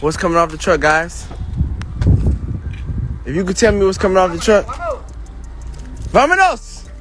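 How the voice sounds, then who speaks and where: A young man chatting casually to camera during a car delivery at his house, excitable and boastful, repeating himself. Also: high voice, moderate pace, noisy background. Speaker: rapper showing off a new car delivery.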